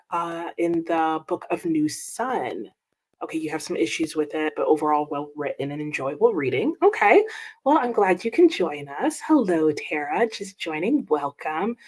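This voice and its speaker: A woman with a slightly low voice chats casually on a reading livestream, recorded at her home desk. She greets viewers one by one and reacts brightly to their comments with small exclamations. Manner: upbeat, reads viewer comments aloud with little exclamations. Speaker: livestream host. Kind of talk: casual live-chat reading stream.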